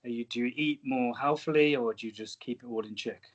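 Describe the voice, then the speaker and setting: Man, interviewer, informal, chatty, middle pitch. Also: fairly quick. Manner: informal, chatty, swears now and then. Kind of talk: casual interview chat.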